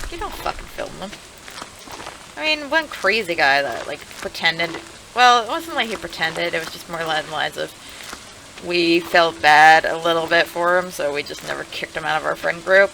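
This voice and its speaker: A woman with a fairly low, creaky, sharp-toned voice streams a farming game from her home setup, laughing often and swearing freely as she tells rambling stories. Game music plays beneath her, and there's a slight hiss or hum.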